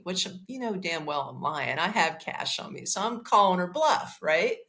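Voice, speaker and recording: A woman's voice: fairly low pitch, normal speed, few pauses. Woman podcast host telling a story, swears a lot, acts out the dialogue, voice bouncing all over. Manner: animated, blunt and profane, acts out dialogue. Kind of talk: casual storytelling monologue.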